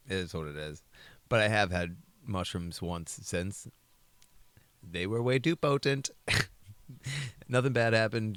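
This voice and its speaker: A man's voice: deep voice, dry recording. A man co-hosting a comedy podcast, telling a story in a rambling, profane, self-mocking way. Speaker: podcast co-host.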